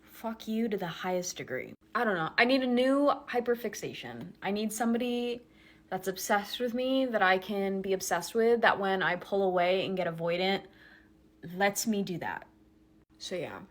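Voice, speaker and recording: A woman's voice: mid-range voice, lively intonation, normal speed. A woman ranting in a casual vlog, blunt and sarcastic, with frequent swearing.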